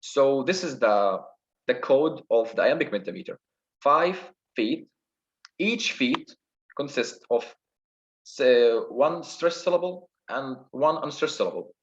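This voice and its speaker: Slow, halting man analyzing a sonnet. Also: medium pitch, animated, muffled recording. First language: Arabic. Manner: hesitant, with many restarts and fillers; careful, counts syllables word by word. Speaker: student presenting a poem analysis. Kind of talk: spoken literature analysis.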